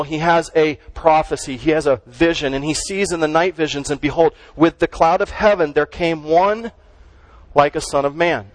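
Pastor, male, slightly high pitch, dry close-miked sermon; conversational, punchy, asks the crowd questions. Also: no echo, poor audio. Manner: conversational, emphatic preaching with rhetorical questions.

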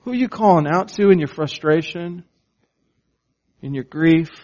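A man preaching a sermon, slow and emphatic, asking the congregation questions and waiting for answers. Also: fairly high pitch, darkish tone, highs cut off. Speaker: pastor.

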